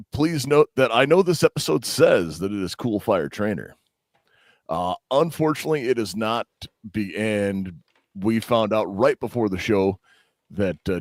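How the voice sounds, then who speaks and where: Lively, low-voiced podcast host, man. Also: no room sound, clean studio sound. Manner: loose, rambling with fillers. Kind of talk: casual podcast chat.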